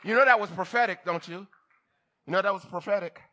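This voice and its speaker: A bishop preaching a lively church sermon, who talks back and forth with the congregation. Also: male voice, high voice, brisk, a faint crowd, a little hiss or hum. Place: church service.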